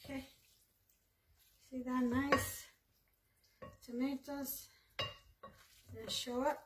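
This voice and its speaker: A woman's voice: high-pitched, little pitch movement, very slow, background noise. A woman home cook giving a casual cooking demonstration, chatting straight to her viewers.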